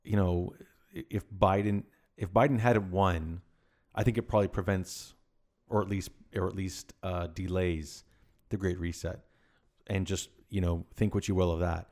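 A man with a very deep, low voice co-hosts a relaxed talk show. He talks in a measured, wry way and often lets his volume drop. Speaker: podcast co-host. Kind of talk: casual chat.

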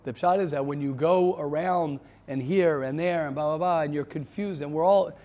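A man's voice: on the high side, moderate pace, muffled recording. Emphatic man giving an informal Torah class. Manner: emphatic, repetitive, earnest. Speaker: rabbi teaching a class.

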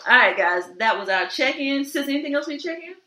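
A woman co-hosting a casual chat show, teasing and quick with interjections, speaking. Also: high voice, animated, sharp tone, roomy sound. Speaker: podcast co-host.

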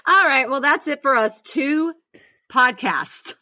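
Bright-voiced woman hosting. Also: high voice, slow pace, no echo. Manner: chatty, jokey, laughs often. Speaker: podcast co-host. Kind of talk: casual chat.

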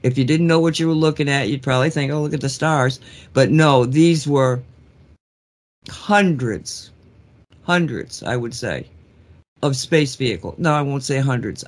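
A man hosting a radio talk show, telling a story in a casual, excited way with frequent restarts. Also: medium pitch.

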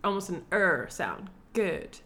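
A woman's voice: fairly low pitch, expressive, moderate pace, bright, forceful tone. A young woman co-hosting a podcast in casual chat, rambling with lots of filler words and casual swearing. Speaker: podcast co-host.

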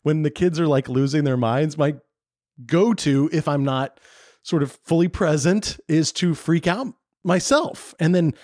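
A man's voice: on the high side, unhurried, darkish tone, no echo, studio quality. A man hosting a podcast, casually summing up points and asking questions. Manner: casual, lots of fillers, summarizing and asking questions. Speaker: podcast host. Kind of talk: conversational podcast interview.

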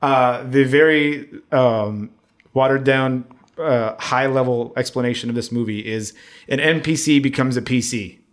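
Man, relaxed co-host, giggly, hesitant phrasing. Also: medium pitch, a little slow. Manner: relaxed, laughs easily, hesitant. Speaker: podcast co-host. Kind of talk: casual chat.

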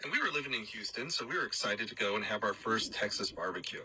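A man's voice: on the low side, fast talker, a little hiss or hum, poor audio. A man telling a funny story with lots of animation, acting out the people in it and laughing as he goes. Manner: animated, acts out voices and laughs mid-story. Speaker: listener telling a roommate story.

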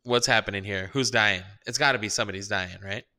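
A man co-hosting a casual podcast chat, making deadpan dark jokes. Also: lowish voice, quick pace. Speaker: podcast co-host.

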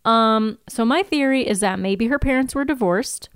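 A woman's voice: fairly high pitch, normal speed, clear, resonant tone, no room sound, clean studio sound. A woman co-hosting a podcast, chatting animatedly and casually swearing as she shares theories about a TV show. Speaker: podcast co-host.

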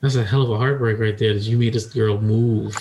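A man's voice: lowish voice, fairly even intonation, a little fast, a little mellow. A man teasing his co-hosts in casual chat on a podcast, laughing often. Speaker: podcast co-host.

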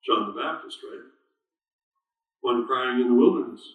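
A man's voice: mid-range voice, normal speed, narrow, tinny audio. Man teaching scripture in a cavernous room. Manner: conversational, quizzes listeners, reads scripture aloud with stresses. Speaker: Bible teacher. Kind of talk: informal Bible study sermon. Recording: very echoey room, voice far from mic.

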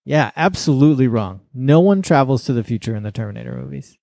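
Mellow-voiced man explaining patiently. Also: medium pitch, lively intonation, quick pace, creaky, no echo, clean studio sound. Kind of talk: casual chat.

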